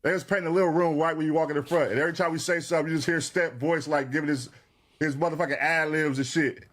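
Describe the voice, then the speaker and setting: A man's voice: a little high, fairly even intonation, fast talker, a bit bright. A man in a clip, bantering casually and mocking someone in slangy, profane talk.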